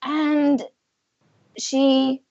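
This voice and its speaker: Woman dm narrating slow and vivid, a bit high voice, dry dull lo-fi mic. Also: level tone, darkish tone, no room sound. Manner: vivid, unhurried storytelling. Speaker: game master. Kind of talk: narrating a tabletop game.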